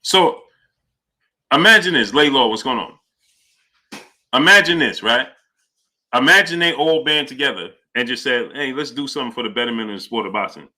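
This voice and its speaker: Bright-voiced New livestream host. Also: male voice, medium pitch, animated, normal speed, long pauses. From New York. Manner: greets viewers by name, reads super chats aloud. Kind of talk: casual livestream chat.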